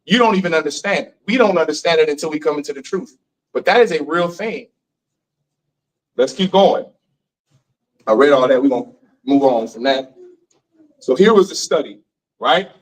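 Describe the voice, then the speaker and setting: A man lectures a live class in a high-pitched voice, animated and often stopping to put questions to the room. He sounds far from the mic, as if recorded from across a classroom. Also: normal speed, long pauses.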